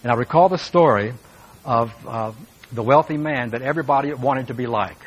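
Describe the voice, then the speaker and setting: A man's voice: medium pitch, brisk, breathy edge, low-quality recording. Earnest male pastor preaching. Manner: earnest, emphatic preaching with asides to the congregation. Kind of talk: sermon.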